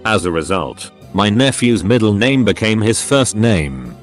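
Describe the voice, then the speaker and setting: A man's voice: on the low side, expressive, unhurried, soft background music. A man narrating a series of short anecdotes as scripted narration.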